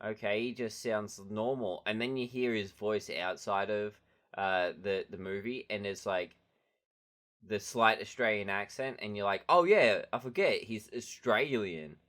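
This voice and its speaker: A man's voice: fairly low pitch, fairly even intonation, measured pace, fairly bright tone. A man co-hosting a podcast in casual chat, easygoing and a little hesitant, with lots of fillers. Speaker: podcast co-host.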